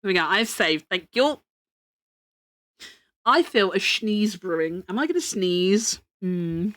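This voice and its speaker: A woman's voice: medium pitch, animated, slow pace, fairly bright tone. A young woman streamer chatting casually, rambling, joking about herself and swearing freely.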